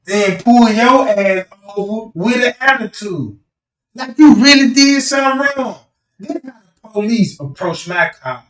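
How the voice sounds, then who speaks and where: A man's voice: extremely high pitch, lively intonation, measured pace, fairly bright tone, recorded from a distance. A man doing a rambling, profane livestream rant, repeatedly asking his listeners whether they know what he's talking about. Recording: roomy echo, speaking away from the mic.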